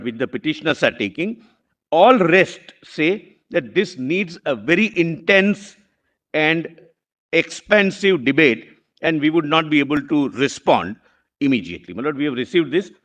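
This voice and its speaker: Indian government lawyer addressing the court. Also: male voice, on the high side, a bit bright. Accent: Indian English. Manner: formal, repeats deferential forms of address. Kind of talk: courtroom submission.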